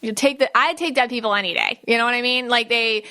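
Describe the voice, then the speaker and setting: A woman's voice: on the high side, quick pace, bright, forceful tone. A woman hosting her own podcast as a psychic medium, talking casually and at length, full of fillers and restarts, and acting out the people she quotes. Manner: chatty, many fillers and restarts, acts out quotes. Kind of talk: casual solo podcast monologue.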